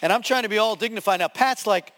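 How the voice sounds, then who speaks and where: A man preaching as a pastor, telling a story with lively acted-out scenes and voices. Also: high-pitched, fast talker, a little hiss or hum. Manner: animated, acts out scenes with voices. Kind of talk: sermon storytelling. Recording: long hall reverb.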